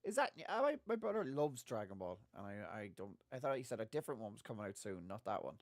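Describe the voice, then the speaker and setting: Gravelly man chatting. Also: on the low side, fast talker. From Ireland. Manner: chatty, animated storytelling with laughs. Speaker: podcast co-host. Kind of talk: casual chat.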